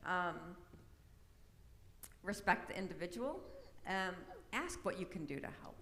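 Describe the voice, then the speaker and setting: With big pitch swings in a fairly low, slightly bright voice, a middle-aged woman delivers an informal workshop at a measured pace. Her chatty talk leans on "um" and "right?" The large church hall adds long reverb, with faint background noise.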